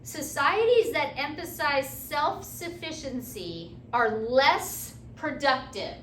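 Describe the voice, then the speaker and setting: A woman's voice: high-pitched, lively intonation, a little slow, bright, forceful tone, a little hiss or hum. A woman teaching a class, lecturing and often checking in with her students. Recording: echoey classroom from far off.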